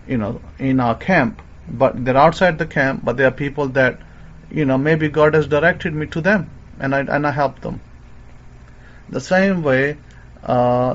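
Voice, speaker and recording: A male religious teacher with a middle-pitched voice tells a long story in the style of a sermon. He rambles, circles back, and restarts phrases, with many fillers, on a dull, lo-fi recording.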